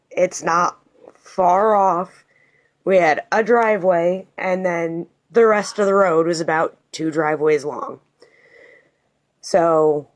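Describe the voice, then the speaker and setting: A woman telling a personal story in a casual, sarcastic and emphatic manner. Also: on the low side.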